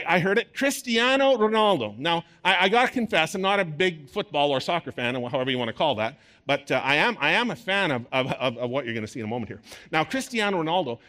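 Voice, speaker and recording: A man preaching a sermon to a congregation, animated and playful, with bursts of sports-commentator delivery. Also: on the high side. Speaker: pastor.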